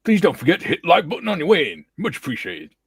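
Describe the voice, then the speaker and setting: Low husky guy reading out comments on a stream, bouncy pitch, dry close sound. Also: wildly swooping pitch, quick pace, dry recording. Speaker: guest modeller on panel. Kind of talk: casual live-stream chat.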